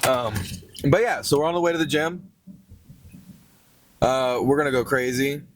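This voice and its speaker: A man's voice: mid-range voice, normal speed, a little hiss or hum. Rambling young man with a slight country twang. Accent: partial rural American. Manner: rambling, jokey, lots of fillers. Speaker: fitness vlogger. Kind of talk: casual vlog chat. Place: in a car on the road.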